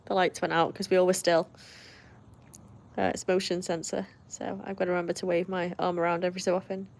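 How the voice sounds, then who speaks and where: This livestreamer from Britain has a lowish, gravelly, somewhat dark voice with little pitch movement, and she talks fairly quickly. Chatty and friendly, she reads out what viewers comment, laughing often and making asides.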